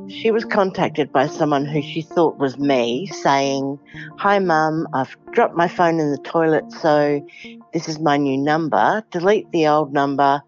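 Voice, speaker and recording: Aussie woman with a really low voice, earnest and upset, kinda dull muffled sound, faint music. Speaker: interviewee, daughter of a scam victim. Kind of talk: interview recollection.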